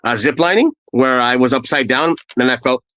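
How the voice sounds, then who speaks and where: Animated storytelling man, dry close sound. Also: moderate pace, dry recording, rough recording. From Canada. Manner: re-enacts quoted people with raised pitch, blunt and profane. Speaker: guest telling his story.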